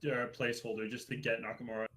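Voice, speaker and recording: A young man hosting a casual podcast chat, running the segments and musing in a drawn-out way. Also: mid-range voice, flat delivery, over a noisy crowd. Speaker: podcast host.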